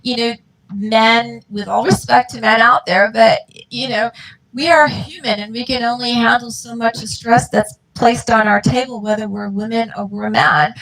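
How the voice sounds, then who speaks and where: A woman's voice: fairly high pitch, steady tone, normal speed, a bit bright, rough recording. A middle-aged woman, a mother and guest, telling her family's story in an earnest, impassioned way and acting out the dialogue. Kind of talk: emotional personal storytelling.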